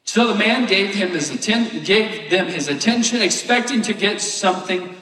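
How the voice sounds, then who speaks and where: A high-pitched man preaching in a casual, conversational way, tossing rhetorical questions to the congregation. His voice rings out from a distance in a large, echoing church sanctuary. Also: animated, moderate pace, fairly bright tone, slight background noise. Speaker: pastor. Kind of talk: sermon. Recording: echoey hall, voice from afar.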